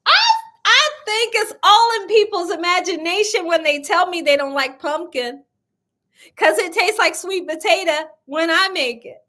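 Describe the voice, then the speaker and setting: A woman's voice: very high voice, moderate pace, bright, forceful tone. A woman hosting a casual cooking livestream, chatty and laughing often as she reads viewer comments aloud. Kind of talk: casual live chat reading viewer comments.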